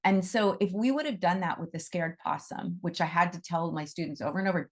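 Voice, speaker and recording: Woman, middle-aged, low-pitched, effusive teaching talk, repeats herself for emphasis. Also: brisk, hardly any pauses. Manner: effusive, animated, repeats phrases. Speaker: animal reiki teacher.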